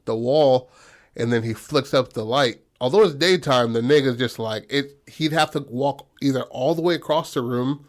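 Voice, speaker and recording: Profane, animated male storyteller. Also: mid-range voice, moderate pace. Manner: loose, profane retelling with acted-out quotes. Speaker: podcast co-host. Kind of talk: casual storytelling chat.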